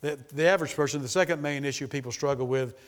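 Guy preaching a sermon, keeps repeating himself for emphasis, goes loud then quiet, big echoey hall. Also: on the high side, fast talker. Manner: emphatic, repetitive, shifts between loud and hushed.

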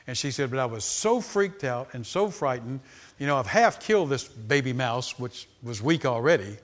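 A man in his sixties preaching a sermon, telling stories that start low and soft and build to loud, high, animated peaks. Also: normal speed. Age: 60s. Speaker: pastor. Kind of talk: sermon storytelling.

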